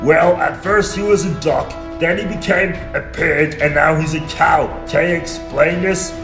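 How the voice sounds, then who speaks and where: Man, exasperated cartoon voice, slightly high, echoey room. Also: fairly even intonation, a little slow, vocal fry, music in the background. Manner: whiny, exasperated. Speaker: cartoon narrator and voice actor. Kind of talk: cartoon acting.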